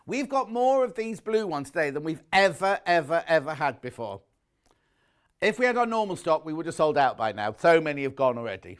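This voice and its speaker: On a TV shopping channel, a male presenter with a slightly high, bright voice rattles off a rapid, chatty live sales pitch. He often corrects himself and sounds a bit out of breath, picked up by a lapel mic in the studio.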